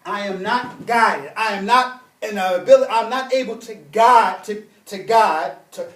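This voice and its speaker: Emphatic teacher in an echoey classroom. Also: male voice, sits high, recorded from a distance. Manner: animated, emphatic, repeats points, reads Arabic quickly. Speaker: Arabic and religion teacher. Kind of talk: classroom lesson.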